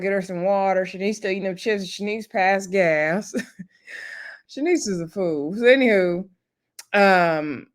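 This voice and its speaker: A woman talks through a TV recap in a loose, animated way, tossing in "y'all" and little laughs. She sounds up late and worn out. Her voice sits at a middle pitch. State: tired, up late. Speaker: YouTube host recapping reality TV. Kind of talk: casual chatty recap.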